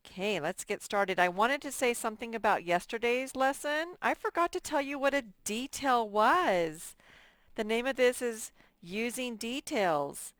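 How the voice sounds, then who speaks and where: A woman's voice: mid-range voice, a bit bright, clear, resonant tone, dry recording. A woman teaching a reading lesson to young children, drawing out words and sounding out letters. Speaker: first-grade teacher.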